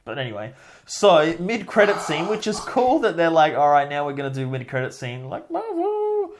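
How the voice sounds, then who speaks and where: Lively podcast co-host, man. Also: fairly high pitch, normal speed, background noise. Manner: animated, laughs often, acts out quotes. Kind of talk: casual film review chat.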